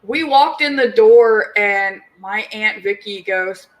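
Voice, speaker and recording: Animated woman telling a family story. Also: medium pitch, takes it slowly, highs cut off. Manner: animated, swears freely, acts out quotes. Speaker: podcast co-host. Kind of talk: casual storytelling chat.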